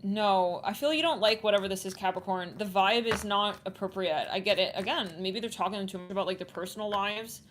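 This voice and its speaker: A woman's voice: mid-range voice, fairly quick, hardly any pauses, a bit bright, faint music behind. A woman giving a casual tarot reading to her viewers, chatting and thinking aloud as she trails off and restarts. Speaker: tarot reader. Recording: audible background noise and clicks.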